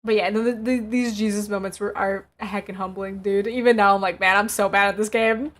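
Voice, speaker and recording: A woman's voice: medium pitch, fairly even intonation, brisk. A woman streamer chatting casually and laughing as she looks back on her old clips. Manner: laughing, reminiscing, slangy.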